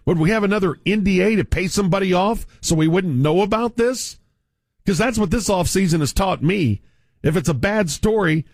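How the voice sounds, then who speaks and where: A man's voice: high-pitched, no room sound. A middle-aged man, a sports radio host delivering a furious, sarcastic rant from a studio microphone.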